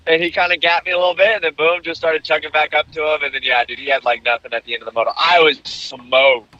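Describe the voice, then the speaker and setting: A man calls in to a podcast and talks fast in a bright, forceful voice. He rambles easily through his stories with plenty of fillers and a slight cough. The call line sounds muffled and a little dull. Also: fairly high pitch, dry recording. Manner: relaxed, rambling storytelling with lots of fillers. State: coughing a bit. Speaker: guest motocross racer. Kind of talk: casual podcast chat. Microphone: remote call.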